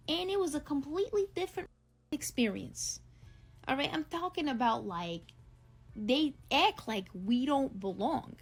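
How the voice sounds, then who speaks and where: Jersey woman ranting, high voice, raspy and gravelly, swears a lot, soft music behind. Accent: New Jersey. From New Jersey, United States. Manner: blunt, swears a lot, animated retelling. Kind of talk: storytelling rant to camera.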